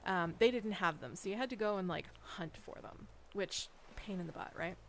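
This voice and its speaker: A woman's voice: medium pitch, normal speed, slight background noise. A woman streaming a game, chatting casually and rambling, laughing often. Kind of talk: casual chat while playing.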